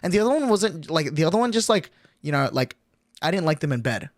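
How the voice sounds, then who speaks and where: A man's voice: on the high side, big pitch swings, quick pace, no echo, clean studio sound, voice pushed down. A man quoting a picky, self-assured young woman, listing her demands in a matter-of-fact, dismissive way.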